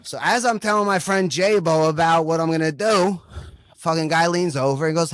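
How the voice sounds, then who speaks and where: A man's voice: a little high, moderate pace, a bit bright, dry recording. A man telling a long, crude comic story, rambling and profane, checking in with "right?" again and again.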